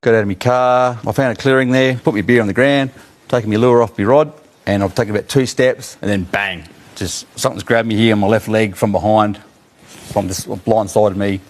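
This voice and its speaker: A man with an Australian accent, telling a story from his own life in an animated, colloquial way and often laughing. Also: on the low side, fairly quick.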